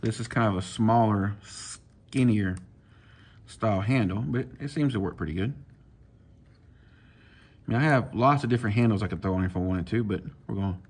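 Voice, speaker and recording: A man, casually talking viewers through swapping a reel handle, folksy and relaxed as he works. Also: on the low side, normal speed, pauses often, husky. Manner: relaxed, talks to himself while working, folksy. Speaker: fishing channel host. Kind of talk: casual hands-on tutorial.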